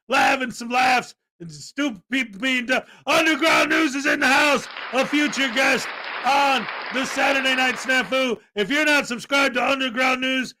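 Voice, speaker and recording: A man hosting a casual livestream chat, talking in a loud, playful, jokey way and often shouting. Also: very high-pitched. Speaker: show host.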